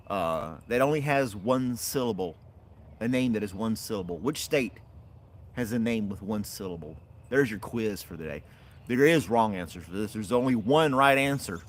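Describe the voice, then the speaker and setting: A man hosting a casual livestream from his backyard, rambling and chatting with viewers and laughing often. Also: medium pitch. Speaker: livestream host. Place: outdoors in a backyard.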